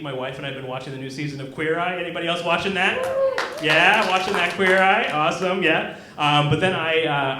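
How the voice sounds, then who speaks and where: Speaking into a handheld stage mic, a young Kansan performs stand-up at a comedy club, awkward and self-mocking, with frequent "um" hesitations. His voice is fairly high, bright and forceful. Audience laughter fills the roomy club recording, which has a little hiss or hum.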